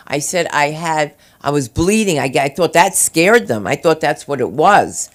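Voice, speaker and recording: A stand-up comedian with a New Jersey accent works a club stage at an open mic, and her voice sits low for a woman. She talks in a chatty, storytelling way, with a pitch that swoops all over the place and loud jumps when she acts out other people. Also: expressive, normal speed, few pauses.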